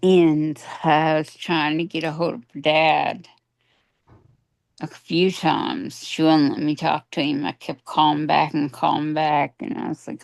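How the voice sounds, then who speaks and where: An older woman tells a personal story in a slow, earnest, plain-spoken way. Her voice is low and gravelly. The sound is dry and close. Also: level tone, darkish tone, dry recording. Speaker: coaching client. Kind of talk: personal storytelling in a coaching session.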